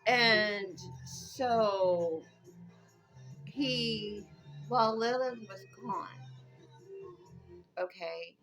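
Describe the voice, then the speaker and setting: A woman's voice: medium pitch, drawn-out words, pauses often, a bit bright, faint music behind, poor audio. A woman telling an old legend in a casual, rambling way, drifting off on tangents. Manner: rambling, conversational, drifts off track. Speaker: storyteller. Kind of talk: casual spoken storytelling.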